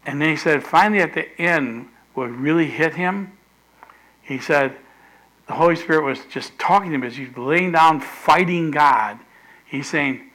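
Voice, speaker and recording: A middle-aged male pastor preaching a sermon, animated, repeating phrases and loudly acting out the quotes he tells. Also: on the high side, a little slow, poor audio.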